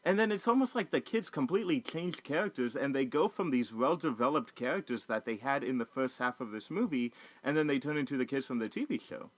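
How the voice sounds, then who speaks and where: A man co-hosting a casual movie review, animated and profane, slipping into quick voices of the characters. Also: mid-range voice, no echo.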